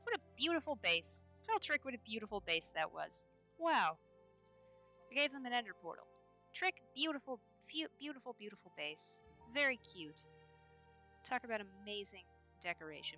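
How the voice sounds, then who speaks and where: A woman's voice: a little high, big pitch swings, moderate pace, sharp tone. A woman streamer chatting in character during a game, scattered and rambling as she talks to her chat. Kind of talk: in-character roleplay chat while gaming. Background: faint background music.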